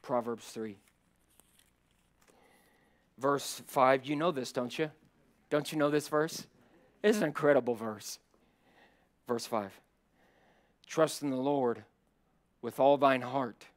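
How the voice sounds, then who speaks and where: A middle-aged man preaching a sermon as a pastor, surging from loud emphatic climbs to low quiet asides. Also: slow, pauses often. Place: church sanctuary.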